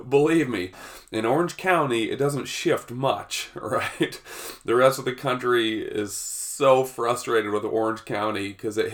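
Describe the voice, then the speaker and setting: A man's voice: lowish voice, fairly bright tone. A man, hosting a casual solo podcast, a bit congested from a cold, chatty and laughing often. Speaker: podcast host.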